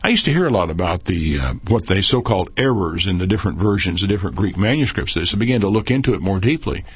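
An older man talks through a Bible lesson in a measured, explanatory way, leaning on key words for emphasis. His husky voice rises and falls in a lively, animated way. The recording is dry and dull, with a lo-fi quality. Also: deep voice, no echo. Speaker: Bible teacher. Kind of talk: unscripted teaching talk.

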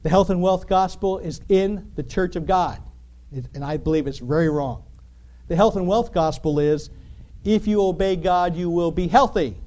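A man preaching a sermon in an animated, emphatic, conversational way, full of rhetorical questions. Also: high voice, moderate pace.

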